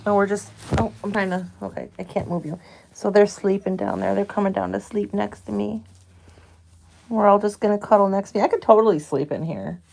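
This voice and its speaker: A woman's voice: medium pitch, a little fast, vocal fry, a little mellow. A young woman on a farm, cooing and teasing her animals in a pen in casual chat. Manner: cooing baby talk to animals, playful teasing. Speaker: farm vlogger.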